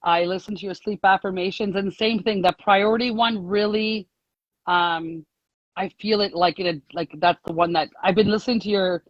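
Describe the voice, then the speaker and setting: A woman's voice: mid-range voice, fairly even intonation, moderate pace, dry recording, lo-fi sound. A woman guest on a casual live call, telling her story in a chatty, rambling way, full of "like"s and laughter. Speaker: guest sharing a success story.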